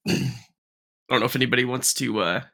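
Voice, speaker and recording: A man takes his turn in a tabletop game over a video call, speaking in a dry, matter-of-fact way. His voice has a gravelly rasp and a bright, forward edge. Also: mid-range voice, moderate pace. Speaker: player. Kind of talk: casual play over a call.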